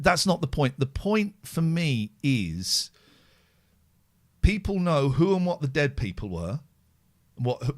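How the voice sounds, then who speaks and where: A middle-aged man with a mid-range voice and no room sound hosts a candid podcast chat. Raw and emotional, he swears a lot and comes across as worn out and drained.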